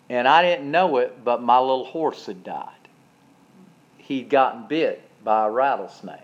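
A man preaching a sermon, moving from folksy childhood storytelling into fervent preaching. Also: medium pitch. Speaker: pastor. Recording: dull lo-fi sound.

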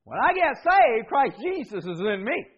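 Very high-pitched and husky, the man's sing-song voice moves at normal speed through a muffled recording as he preaches. He draws call-and-response from the congregation and repeats key words emphatically.

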